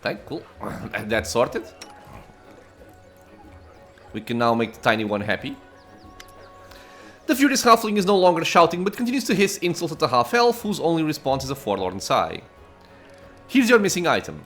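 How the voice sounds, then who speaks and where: Man narrating a game, lively voice. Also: fairly high pitch, fairly quick, soft background music. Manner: reads narration aloud with asides and self-corrections. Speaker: let's play host. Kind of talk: casual game commentary, reading game text aloud.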